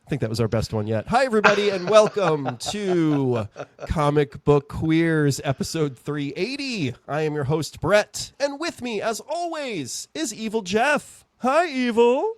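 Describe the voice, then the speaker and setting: Animated, jokey podcast host man. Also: a little high, unhurried, no echo, studio quality. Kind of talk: casual podcast chat.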